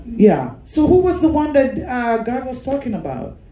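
A woman's voice: high-pitched, very animated, moderate pace, warm tone, echoey room, rough recording. A woman leading a Sunday school class, explaining a Bible passage, repeating phrases and asking the class questions. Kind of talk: Bible teaching.

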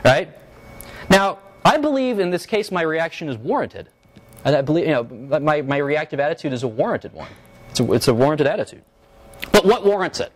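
At a philosophy seminar, a man with a slightly high voice lectures in an animated, joking manner. His talk is full of fillers and restarts, with quick "right?" check-ins to the room.

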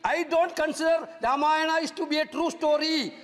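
A man with a Malayali English accent giving a forceful parliamentary speech, repeating himself and rising to shouts. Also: very high-pitched, fairly even intonation, normal speed. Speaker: member of parliament. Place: parliament chamber. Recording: long chamber reverb.

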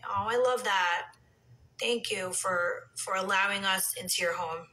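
New woman in her thirties, phone live stream, bright tone, echoey room. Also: medium pitch, steady tone, unhurried, a little hiss or hum. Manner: chatty, swings into soft whispers and heated rants. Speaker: reality TV personality on a live stream. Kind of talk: casual live-stream chat reading comments.

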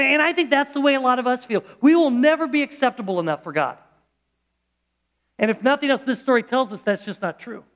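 A man's voice: very high voice, a bit bright. A middle-aged male pastor preaching a sermon in church, conversational and storytelling, with frequent restarts.

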